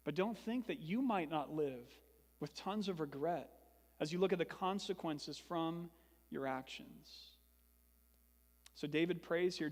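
A man's voice: fairly high pitch, a little slow, in a large hall. A young man preaching a sermon as pastor, earnest and building to emphatic repetition.

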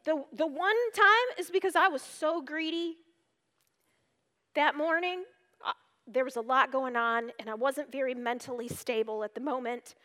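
High-voiced woman teaching in a reverberant hall. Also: moderate pace. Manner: earnest, emphatic, moves between urgent and hushed; reads scripture aloud and explains it. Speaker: speaker at a church gathering. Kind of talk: devotional teaching on a psalm.

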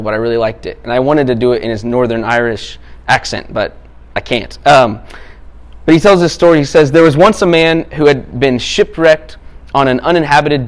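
Conversational man preaching a sermon. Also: mid-range voice. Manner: conversational, self-deprecating, with asides and restarts.

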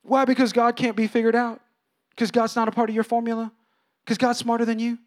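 A man delivers a sermon in a bright, high voice. He is animated and dramatic, pitching his voice up to act out quoted complaints. He sounds like a pastor in his thirties or forties. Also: fairly quick. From California.

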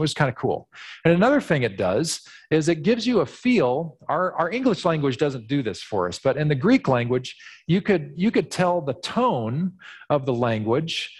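A male pastor preaching a sermon in an animated storytelling manner, acting out the voices. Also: a little high. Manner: animated storytelling, acts out quotes.

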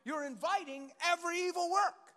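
A middle-aged male pastor preaching with passion, swinging between shouts and quiet, earnest talk. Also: very high voice, moderate pace. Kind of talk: sermon. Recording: long hall reverb.

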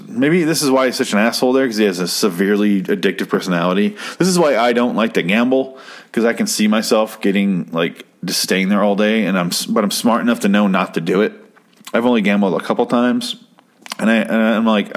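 A man's voice: on the low side, fairly quick. A man casually recapping a story in a profane, rambling way, often correcting himself. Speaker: comedian recapping a show.

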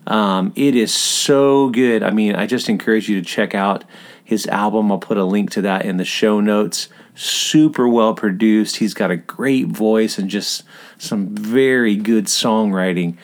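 A man's voice: fairly low pitch, measured pace. Chatty Southern American man hosting. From Southern United States. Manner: chatty and rambling, with fillers and self-corrections. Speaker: podcast host. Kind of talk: casual podcast monologue.

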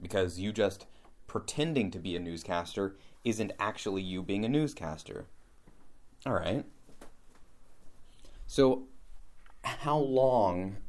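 A man vlogging a casual monologue, musing aloud in a rambling, animated way. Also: low voice.

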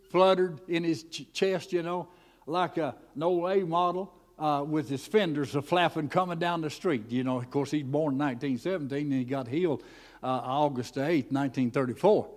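A man preaching a storytelling sermon in a folksy, animated way, with many fillers and restarts. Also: fairly high pitch. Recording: echoey hall.

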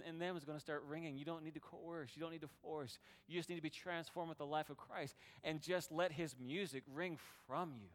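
Man, pastor, sermon, earnest, smooth resonant voice, repeats phrases, fervent prayer. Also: on the high side, long reverb tail. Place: church sanctuary.

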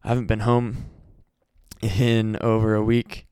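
Worn-out podcast host, a man from the Midwest, flat delivery, very clear dry sound, loose and profane. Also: lowish voice, unhurried, dry recording. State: very tired. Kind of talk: casual solo podcast chat. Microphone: home podcast mic.

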